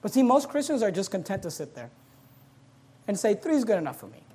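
A male pastor preaching a sermon, reading scripture aloud and building to shouted emphasis. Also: high-pitched, sing-song, fairly quick, long pauses, husky. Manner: reads scripture in King James English.

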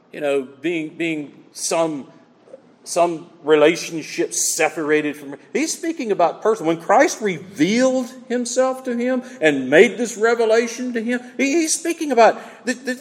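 A man preaches a Bible sermon with emphatic, repeated phrases. His fairly high voice swings widely in pitch. The sound carries a long reverb from a large church hall. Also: sing-song, a little slow. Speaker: pastor. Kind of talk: expository sermon.

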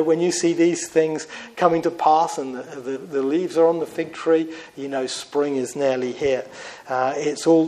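A man preaching a sermon in a chapel, swinging from fervent raised emphasis to hushed, low tones. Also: rough recording.

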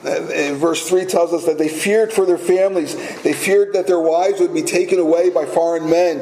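Pastor preaching in a roomy hall. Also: male voice, a little high, steady tone, moderate pace, a little mellow, a little hiss or hum. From United States. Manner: emphatic preaching with rhetorical questions. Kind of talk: sermon. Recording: roomy echo, faint ambience.

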